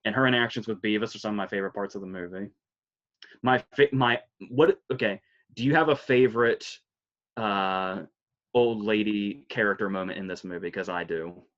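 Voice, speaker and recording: A man's voice: on the low side, fairly quick, highs cut off. Laughing man on a film podcast. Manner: laughs often, animated and rambling. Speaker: podcast co-host. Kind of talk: casual chat about films.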